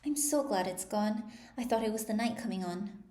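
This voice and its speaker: A woman voicing a polite, curious seven-year-old girl in a storybook reading, with a high, earnest childlike voice. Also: moderate pace, dark tone, roomy sound, close to an everyday voice. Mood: wondering. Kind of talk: storybook read-aloud.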